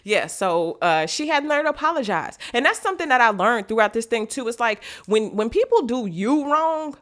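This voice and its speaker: Animated woman telling her story. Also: a little high, moderate pace. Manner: animated, acts out quoted voices; slangy, direct address to viewers. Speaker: motivational vlogger. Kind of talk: casual motivational storytelling.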